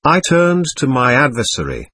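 A man reading a classic novel aloud as first-person narration, earnest and expressive. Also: mid-range voice, normal speed, husky.

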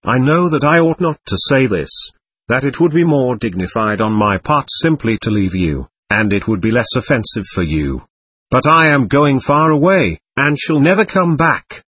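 A man's voice: medium pitch, sing-song, normal speed, fairly bright tone, slightly rough, dry recording. A man voicing a proud, bitter young man saying a wounded farewell, cold and reproachful.

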